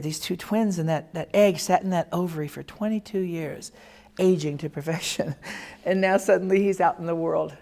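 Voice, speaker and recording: A man in his fifties giving a humorous personal talk, animated, joking and acting out voices as he tells family stories to a room. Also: sits high. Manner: animated storyteller, lively jokes, acts out voices. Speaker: speaker. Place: classroom or lecture room.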